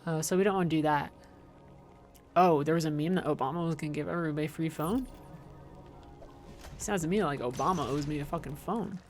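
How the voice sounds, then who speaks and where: A woman in her thirties streams a game and chats casually in a low, darkish voice, talking fairly quickly with frequent pauses. She rambles through sarcastic, profane rants and keeps restarting her sentences. Soft music plays in the background.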